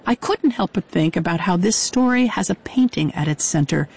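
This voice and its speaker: A woman host delivering measured, scripted radio narration. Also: fairly low pitch, lively intonation, a little mellow, husky.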